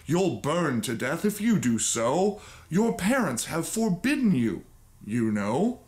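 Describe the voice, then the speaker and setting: A man's voice: fairly high pitch, very animated, slow pace, darkish tone. A man voicing two fussy pet cats from a storybook who meow and scold a girl. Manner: meowing warnings.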